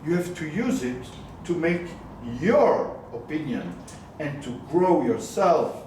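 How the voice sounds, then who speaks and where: A man's voice: fairly high pitch, sing-song, slow pace, a little mellow, far from the mic, slight background noise. A man giving a live coaching talk to a group, questioning the audience often and mixing in words of another language. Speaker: business coach. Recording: echoey room, voice from afar.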